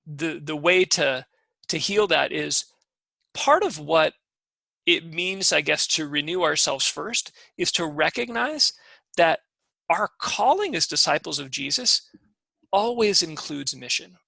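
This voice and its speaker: A man's voice: fairly high pitch, lively intonation, measured pace, creaky, pushed and bright, dry recording, rough recording. A man co-hosting a podcast, talking about faith in an earnest, eager way and often restarting his sentences. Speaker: podcast co-host. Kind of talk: casual faith discussion.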